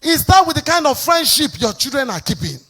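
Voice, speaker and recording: A Nigerian woman pastor preaching a fervent sermon, slipping into sing-song phrases and shouted emphasis. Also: high-pitched, very animated, brisk.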